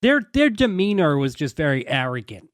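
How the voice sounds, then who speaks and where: A man co-hosting a casual podcast, playful and quick to laugh. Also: on the high side, very animated, dry recording, studio quality. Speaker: podcast co-host. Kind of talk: casual chat.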